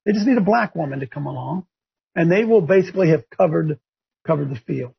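A man hosting a talk show, ranting in a fiery, preachy way with a gravelly, husky voice. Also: expressive, a little fast, lo-fi sound. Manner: fiery and preachy, rising to shouts and high mocking voices. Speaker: show host. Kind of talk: impassioned talk show rant.

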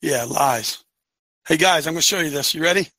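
A man preaching with fire to a live online audience, often raising his voice to a shout. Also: on the high side, moderate pace, no room sound. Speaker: host and preacher of an online show.

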